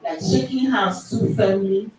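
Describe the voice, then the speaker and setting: A woman leading a women's group, teaching in a lively way, often acting out dialogue and laughing loudly. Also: fairly high pitch, unhurried. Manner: animated storytelling, acts out dialogue, laughs loudly. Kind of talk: live-streamed teaching talk. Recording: echoey, distant, noisy live stream.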